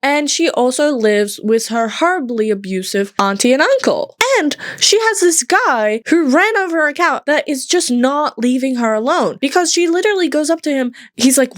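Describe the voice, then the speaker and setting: A young woman rants comically through a movie review. Her voice sits a little high and stays animated, sarcastic and quick to giggle. The sound is close and dry, with no room echo. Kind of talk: comedic movie review vlog.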